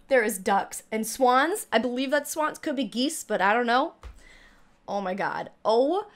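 Her pitch fairly high and her delivery unhurried, a young woman gaming YouTuber reads a trailer aloud as she reacts. She squeals and gushes with excitement, a bit out of breath.

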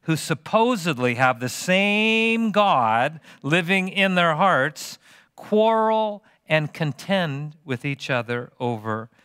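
A middle-aged man preaching a sermon as pastor, animated and teasing the congregation with questions. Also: fairly high pitch, slow pace, smooth, dry recording, studio quality.

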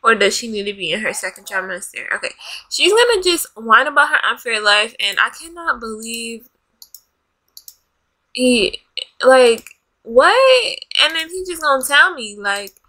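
A woman's voice: a little high, big pitch swings, measured pace, bright, forceful tone. A woman hosting a life-sim let's play, giving dramatic commentary as she bosses and scolds the game characters. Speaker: gaming channel host. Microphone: desk USB microphone.

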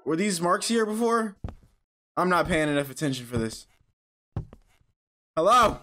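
A man's voice: sits high, big pitch swings, a little slow. A young man chatting casually through a horror game, joking with nervous bravado. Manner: jokey, nervous bravado, shouts when startled. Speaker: gaming YouTuber. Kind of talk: casual let's-play commentary. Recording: music playing behind.

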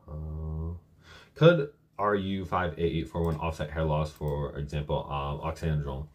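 Briefly winded, this young man runs a home live-stream Q&A, coaching viewers as he reads chat questions out loud and replies casually, full of filler words. He speaks in a rumbling low voice at an unhurried pace.

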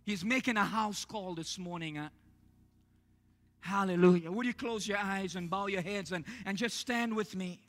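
Very high-voiced male preacher. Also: moderate pace, a bit bright. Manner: earnest preaching, frequent "uh" between phrases. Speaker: pastor. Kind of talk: church sermon. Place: church sanctuary during service.

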